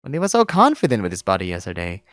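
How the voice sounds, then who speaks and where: A man's voice: lowish voice, huge pitch swings, rapid-fire, a bit bright, dry recording, voice pushed down. A man reading the inner monologue of a naive, anxious young male deer in a visual novel, dramatic and despairing. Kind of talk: visual novel read-aloud.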